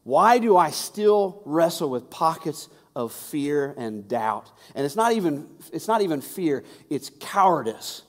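A male pastor with a high-pitched voice gives a conversational sermon, doubling back on words as he presses each point. His voice carries a long reverb from a large hall. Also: big pitch swings, unhurried, hardly any pauses. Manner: conversational, repeats words when emphasizing.

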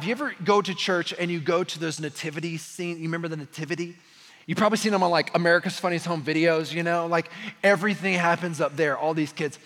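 Bright, husky-voiced young male preacher. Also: a little high, in a large hall. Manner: storytelling, rising to impassioned preaching. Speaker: pastor. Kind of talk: sermon.

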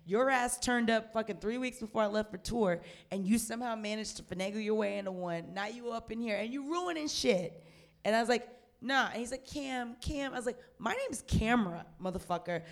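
A woman in her thirties telling a loud, profane story in casual chat, acting out the quotes with a rising voice. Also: on the high side.

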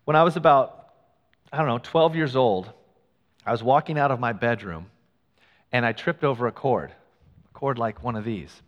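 A middle-aged male pastor telling a personal story in a sermon, animated and acting out what people said. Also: medium pitch, normal speed, long pauses, highs cut off. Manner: animated storyteller, acts out quoted lines. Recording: long hall reverb.

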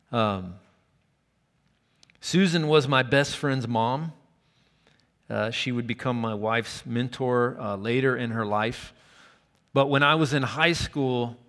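Earnest male pastor preaching in a reverberant hall. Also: mid-range voice. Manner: earnest storytelling, dropping to a hushed voice for quoted lines. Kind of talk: sermon.

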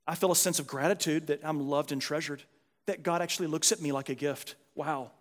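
Male pastor, high-pitched, earnest sermon delivery that drops to soft reflection, reverberant hall. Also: fairly quick. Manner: earnest, moves from animated emphasis to quiet, soft reflection.

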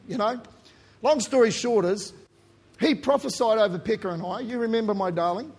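Husky, high-voiced New preacher. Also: male voice, normal speed, pauses often. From New Zealand. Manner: animated storytelling, swings between loud emphasis and quiet asides. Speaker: pastor. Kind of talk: sermon with personal story.

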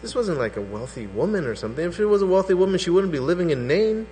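A man preaching a sermon as pastor, animated and acting out skeptical voices. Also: sits high, fast talker. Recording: hall reverb with faint mains hum.

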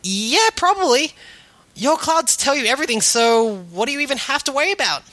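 A woman puts on a bubbly young sea troll girl, high and bright, whose voice swoops up and down as she glubs between her lines. It is an upbeat, eager fan reading of chat logs. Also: expressive, a little fast. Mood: cheerful. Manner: peppers speech with fishy "glub" noises.

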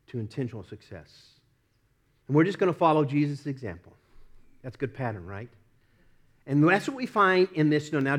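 Lively, animated male pastor preaching. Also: mid-range voice. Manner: animated storytelling, acts out quoted voices, laughs often. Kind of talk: sermon.

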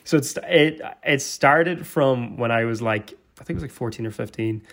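A man's voice: mid-range voice, normal speed. A young man from Donegal with a Donegal Irish accent, telling rambling stories in casual chat and laughing often. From Donegal, Ireland. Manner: rambling storyteller, laughs often, many restarts.

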